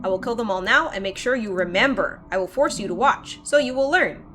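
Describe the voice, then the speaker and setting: A woman voicing a menacing, gloating male king villain who speaks slowly and cruelly. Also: on the high side, expressive, pushed and bright, faint music behind. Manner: slow, taunting, cruel.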